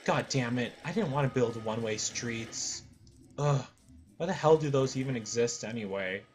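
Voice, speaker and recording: A man's voice: mid-range voice, normal speed, slight background noise. A young man telling a rambling, profane story while playing a city-building game, with many fillers and self-corrections. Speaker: gaming video creator. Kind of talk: casual storytelling over gameplay.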